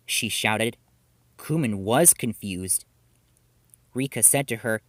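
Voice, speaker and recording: A man narrating a story in an animated storytelling manner. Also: mid-range voice, measured pace, dry recording, studio quality.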